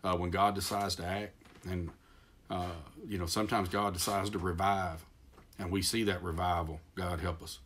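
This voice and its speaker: Preaching with a Texas accent, this middle-aged pastor has a deep, low voice with a fairly bright tone, keeping a level delivery at a moderate pace. His folksy, self-deprecating sermon wanders, full of fillers and restarts, over a little hiss or hum.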